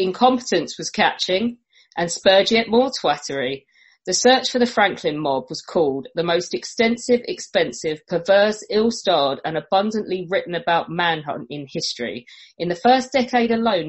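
A low-pitched woman with a husky edge to her voice. She rants bluntly and sarcastically, swearing freely as she tells a history story on a casual podcast. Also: rough recording. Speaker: podcast co-host presenting a history topic. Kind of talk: casual comedic podcast chat.

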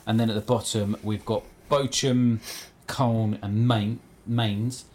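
A man's voice: fairly low pitch, little pitch movement, darkish tone. Man rattling off football scores. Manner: reads out results in a halting list, stumbles over names. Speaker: podcast co-host. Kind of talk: casual football chat.

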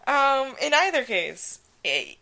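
A woman's voice: sits high, big pitch swings, slow, vocal fry, bright, forceful tone. A young woman co-hosting a casual podcast, rambling through stories with lots of "like" and frequent laughs. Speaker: podcast co-host.

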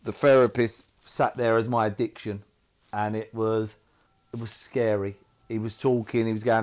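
A man, a guest in an interview, speaking haltingly with many restarts and fillers. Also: medium pitch. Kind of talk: emotional personal interview talk.

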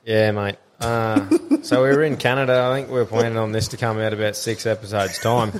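A man's voice: on the low side, steady tone, a little fast, slight background noise. An Australian man telling a story in casual podcast chat, swearing freely and laughing as he goes.

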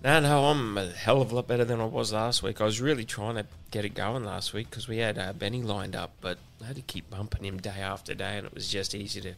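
A man's voice: on the low side, steady tone, fast talker, vocal fry, hardly any pauses. A man co-hosting a podcast in laid-back, cheeky chat. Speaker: podcast co-host. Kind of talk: casual chat.

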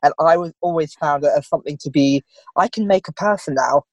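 A woman in her forties chatting as a guest in an interview, lively and quick to laugh. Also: low voice, no echo, rough recording. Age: 40s. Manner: lively, laughs often, acts out voices in anecdotes. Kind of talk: casual interview chat.

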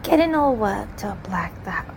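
A woman's voice: medium pitch, sing-song, measured pace, vocal fry, a little hiss or hum. A woman voicing a meek tea-room owner who soothes and apologises to her friend. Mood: soothing.

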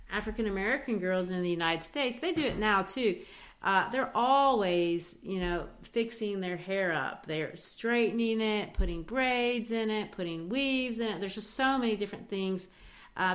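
A woman who grew up in Brazil, discussing a play in conversation and retelling its scenes. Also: fairly low pitch. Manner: animated storytelling, quoting characters.

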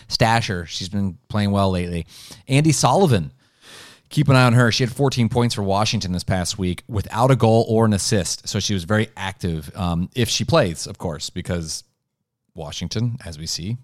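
A man's voice: lowish voice, dry recording, clean studio sound. A man co-hosting a casual sports podcast, rambling with lots of "like" and "um" as he runs through picks. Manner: rambling, full of "like" and "um". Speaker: podcast co-host.

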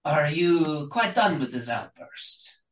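A man's voice: fairly high pitch, animated, takes it slowly, fairly bright tone, pitched above the performer's own voice. A man voicing a harsh, scarred woman general who coldly berates a failing soldier, in a roomy recording from a distant mic. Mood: berating. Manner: cold, berating.

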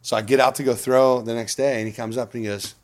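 A man being interviewed, telling stories in a casual, animated way with a lot of swearing and frequent laughter. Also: mid-range voice, fast talker. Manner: profane, animated, laughs often. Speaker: guest. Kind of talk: casual storytelling.

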